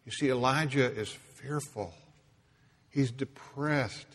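A man preaching a sermon, emphatic, dropping to a hush and rising loud for stress. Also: mid-range voice, breathy edge, big-room sound. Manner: slow, emphatic, swings between hushed and loud.

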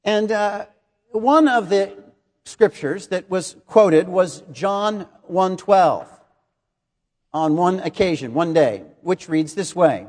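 A pastor, middle-aged, delivers a sermon in a fairly high voice. He explains steadily and poses rhetorical questions. His voice rings with a long reverb. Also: lively intonation, slow pace, a little mellow.

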